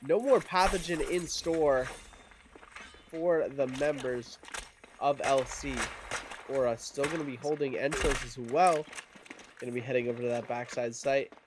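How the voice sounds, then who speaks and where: A man casting an esports match with energetic, joking play-by-play commentary. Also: mid-range voice, measured pace, background noise. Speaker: esports caster.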